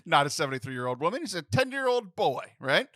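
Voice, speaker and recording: A man in his thirties hosting a podcast, telling a comic story with animated, laughing delivery and exasperated outbursts. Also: fairly high pitch, a little fast, no echo, clean studio sound. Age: 30s. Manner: animated, laughing, acts out phone voices in exasperated bursts. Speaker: podcast host. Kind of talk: comedic storytelling chat.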